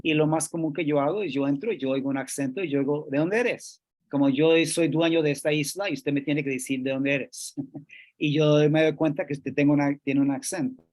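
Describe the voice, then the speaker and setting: A man from Colombia, presenting a workshop in a measured way, pausing and restarting as he switches between English and Spanish. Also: on the high side, fairly even intonation, a little mellow.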